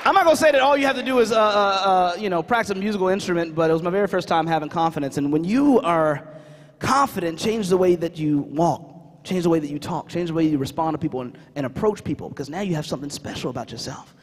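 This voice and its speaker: Speaking fast in a high voice, the man delivers a lively motivational keynote in a large, echoing conference hall. He acts out the voices in his story and calls on the crowd.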